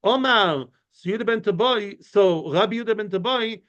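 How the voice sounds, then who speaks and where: A brisk man with a high, slightly bright voice runs an informal Talmud study class. His chatty explanations wander into many asides, and he responds to questions from students. The audio is muffled and lo-fi.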